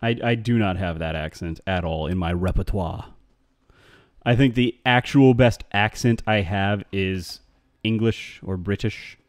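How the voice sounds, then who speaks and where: A man's voice: lowish voice, a little slow, no room sound, studio quality. A man chatting casually on a live game stream, rambling and answering his chat.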